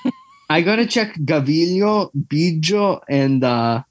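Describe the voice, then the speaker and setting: A man's voice: fairly high pitch, expressive, slow, dry recording. A young man, chatting casually as a podcast co-host, rambling with lots of fillers and tangents. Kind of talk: casual chat.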